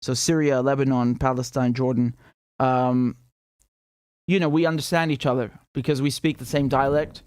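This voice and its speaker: A man's voice: mid-range voice, flat delivery, normal speed, a little mellow, clean tone, no room sound, clean studio sound. Rambling man explaining over a map. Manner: rambling, lots of fillers and self-corrections, chuckles often. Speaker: political commentator.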